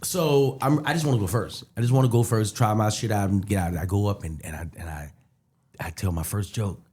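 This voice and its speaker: A man's voice: on the low side, fairly quick. A man, a comedian guest telling stories in casual podcast chat and acting out the other people's voices. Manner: animated storyteller acting out voices.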